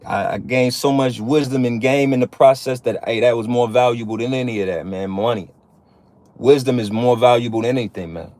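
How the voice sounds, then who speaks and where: An online preacher with a medium-pitched, slightly mellow voice talks casually to other men. His monologue is preachy and profane, full of street slang and repeated phrases.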